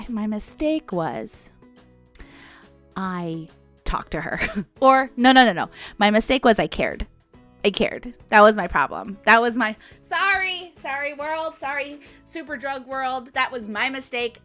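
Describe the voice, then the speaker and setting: An American woman in her forties hosts a podcast and spins a rambling, casual story in a voice on the high side that constantly rises and falls. Animated and chatty, she laughs often between lines and acts out what people said. Soft music plays faintly in the background.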